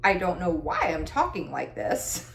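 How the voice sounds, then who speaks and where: A woman's voice: deep voice, sing-song, measured pace, vocal fry, a bit bright, echoey room, a little hiss or hum. A woman talking casually about her cross-stitch projects, rambling and chatty, with self-deprecating laughs. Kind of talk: casual chat. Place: room at home.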